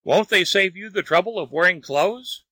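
A man's voice: high voice, normal speed, bright, forceful tone, no echo, voice pushed up. A man voicing a storybook neighbor who laughs at and teases his visitor. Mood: mocking. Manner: laughing, teasing. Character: amused, mocking neighbor man.

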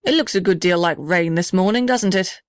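Woman as an old male tree, stiff, dignified, soft inside, storybook. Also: on the low side, a little fast, no room sound, studio quality, close to an everyday voice. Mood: kindly. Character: old male gum tree, stern but kind-hearted.

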